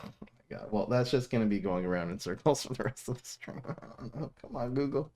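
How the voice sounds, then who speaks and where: Young guy, streamer, mid-pitched voice, loose chatty delivery with lots of laughs. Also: brisk. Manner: chatty and animated, laughs often, stumbles and restarts. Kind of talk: casual commentary reviewing viewer messages.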